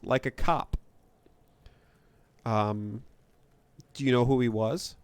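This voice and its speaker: A man's voice: mid-range voice, measured pace, long pauses, no echo. A young man streaming a game, reading its text aloud with amused asides. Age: young adult. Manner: amused, reads text out then reacts.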